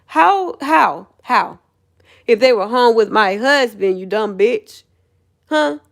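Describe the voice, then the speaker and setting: A woman's voice: a little high, animated, slow, creaky. A woman livestreaming a heated, profane rant, laughing scornfully as she talks.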